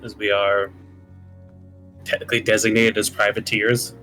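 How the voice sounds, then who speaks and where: A man's voice: lowish voice, level tone, normal speed, pushed and bright, soft background music, rough recording. A man chatting casually as a player in an online tabletop game, laid-back and joking with many fillers. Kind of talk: casual chat on a live stream.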